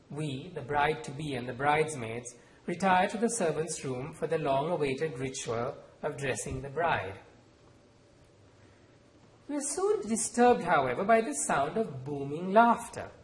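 A man from Sri Lanka, reading aloud from his novel in a measured, expressive storytelling manner at a university event. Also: on the high side, reverberant, poor audio. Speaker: author. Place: lecture hall at a university event.

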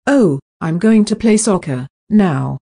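A woman reading simple scripted practice dialogues in a slow, even textbook delivery. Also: on the low side, vocal fry, husky. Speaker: dialogue reader for English practice.

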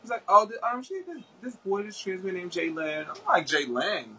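A man with a bright, somewhat high voice talks as a guest, rambling through a story with a lot of fillers and restarts. There is a faint hum of ambience behind him. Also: very animated, normal speed, poor audio. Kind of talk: casual chat.

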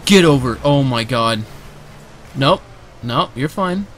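A man giving casual live commentary over his own gameplay, excitable and quick to burst into shouts and repeated cheers, speaking close to a desk microphone. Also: mid-range voice, slight background noise. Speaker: gamer and video creator. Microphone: desk microphone, sitting close.

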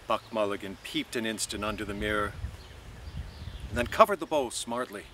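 Bright-voiced man reading a novel aloud. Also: fairly low pitch, a little hiss or hum. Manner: measured, expressive narration. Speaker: reader.

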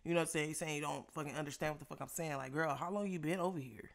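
A young woman casually telling a story while eating, animated and profane, laughing often. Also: deep voice, very fast, creaky. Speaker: vlogger.

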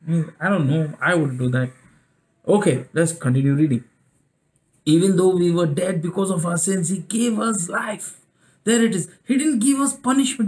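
A man's voice: high-pitched, moderate pace, darkish tone. A middle-aged man preaching a sermon, repeating phrases for emphasis and asking the listeners questions.

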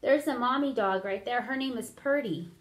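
A woman reading a picture book aloud to children, pausing to count along and ask them questions. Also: fairly high pitch, a little hiss or hum. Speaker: storyteller for children.

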